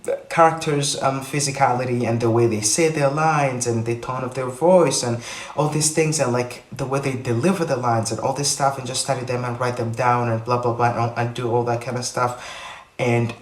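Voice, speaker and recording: A man vlogging to the camera in casual chat, rambling and repeating himself with animated bursts. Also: medium pitch, moderate pace. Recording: echoey room, a bit far from mic.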